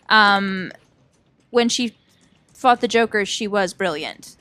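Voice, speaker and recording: A woman co-hosting a podcast, chatting casually over gameplay in an animated way and laughing often. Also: mid-range voice, slow, no room sound. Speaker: podcast co-host.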